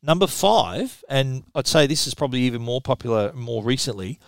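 A middle-aged Australian man runs through the week's tech news in a loose, chatty way, doubling back on his words as he goes. His voice sits at a middle pitch. The sound is dry and close, with no room around it. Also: brisk, creaky, dry recording. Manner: chatty, lively, repeats words when restarting. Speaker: tech show host. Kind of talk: radio tech news talk.

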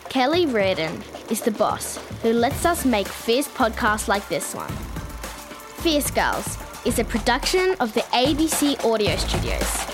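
Woman, higher voice, very lively, credits over clear music. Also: unhurried. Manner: bubbly, upbeat. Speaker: credits reader. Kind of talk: playful scripted credits read.

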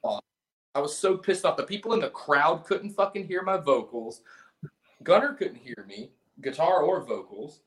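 A man's voice: on the high side, expressive, moderate pace. A man from South Carolina, a punk band's singer and guitarist, telling a story as a podcast guest in a rambling, profane way with lots of restarts. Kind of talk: casual storytelling chat.

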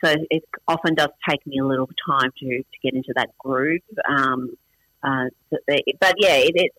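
A middle-aged man with an Australian accent, born in Iran and a native Farsi speaker, chats casually as an interview guest. His mid-range voice has a sharp tone at normal speed, with no room sound but low recording quality; he's self-deprecating, full of fillers and restarts.

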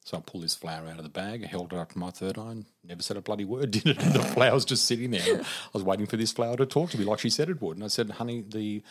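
A middle-aged man with an Australian accent tells his stories in an animated, easygoing way and laughs through them. His voice sits fairly low. He talks like someone chatting with a friend. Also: rapid-fire, slightly rough. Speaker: psychic, podcast guest. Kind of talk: conversational storytelling.

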